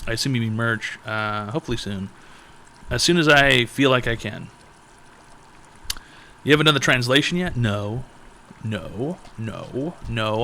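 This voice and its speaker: A man's voice: medium pitch, animated, measured pace, pauses often, pushed and bright, slight background noise. A young man hosting a live-stream advice show, reading out donations and ranting with lots of profanity.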